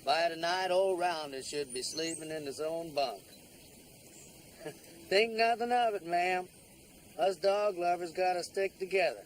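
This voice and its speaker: An actor playing a smooth-talking con man with a folksy, wheedling manner in a TV drama. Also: sits high, a little slow, long pauses, slight background noise. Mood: folksy charming. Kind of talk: TV drama acting.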